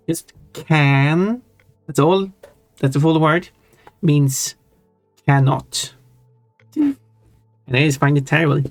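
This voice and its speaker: Slow, rambling streamer over soft music. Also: medium pitch, no echo. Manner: rambling, musing, self-deprecating. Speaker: live streamer. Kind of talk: casual chat while drawing on stream. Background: faint chill background music.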